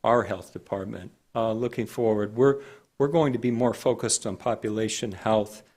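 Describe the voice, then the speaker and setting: A man speaking as a public health director at a county board meeting, measured and halting with frequent restarts. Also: lowish voice, a little mellow.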